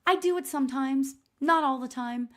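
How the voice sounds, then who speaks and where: A middle-aged woman with a slightly high voice hosts a casual live stream as a spiritual medium. She talks in an expressive, chatty way and keeps checking in with her viewers. Her voice is loud. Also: normal speed. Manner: chatty and expressive, frequent "right?" and laughs; self-described loud voice. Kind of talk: casual livestream storytelling.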